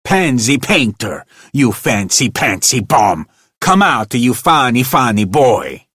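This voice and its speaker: A man's voice: deep voice, animated, takes it slowly, bright, forceful tone, breathy edge, no room sound, clean studio sound, full character voice. A man voicing a blustering theater manager who screams insults in broken English. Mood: enraged.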